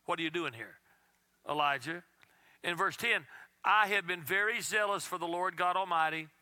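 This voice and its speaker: A man preaching a sermon as pastor, reading scripture aloud and at times dropping his voice to a hush. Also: high-pitched, moderate pace. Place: church.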